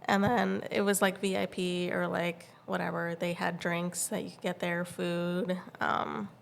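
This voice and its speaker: A woman in her thirties tells a story in a casual podcast chat, her voice carrying a gravelly fry. She gets animated as she goes and acts out the lines of the people she met. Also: on the low side, a little slow, a little hiss or hum. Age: 30s. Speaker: podcast co-host.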